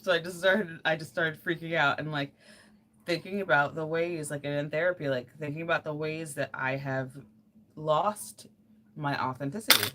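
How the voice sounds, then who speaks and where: A woman's voice: low-pitched, fairly even intonation, unhurried, a bit bright. A woman livestreaming while crafting, chatting casually in an earnest, rambling way with lots of fillers.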